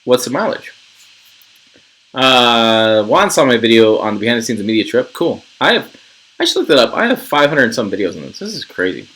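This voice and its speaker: A man's voice: medium pitch, big pitch swings, fairly quick, fairly bright tone, poor audio. A middle-aged man from Western Nebraska hosting a casual livestream, chatting in a rambling, jokey way and reading viewer comments. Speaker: channel host.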